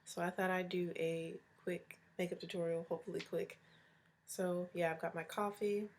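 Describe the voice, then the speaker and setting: A woman's voice: lowish voice, little pitch movement, moderate pace, a little hiss or hum. A young woman in her twenties, congested and chatty, talking through a casual makeup tutorial as a beauty vlogger. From Hawaii. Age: 20s. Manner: chatty, upbeat and talkative. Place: home, early morning.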